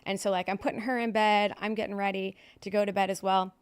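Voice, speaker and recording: A woman in her thirties tells her own story plainly and bluntly, her voice sitting at a middle pitch. She talks in a loose, conversational way, full of fillers and frank asides, and never softens the hard parts. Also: flat delivery, quick pace, clear, resonant tone. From Southern California. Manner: candid, blunt storytelling with frequent swearing and fillers. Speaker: podcast guest. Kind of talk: personal recovery story.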